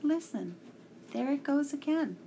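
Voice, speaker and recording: A woman voicing a calm older male professor who speaks in measured, reassuring explanations, reading a storybook aloud. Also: sits high, slight background noise, pitched above the performer's own voice. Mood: urgent.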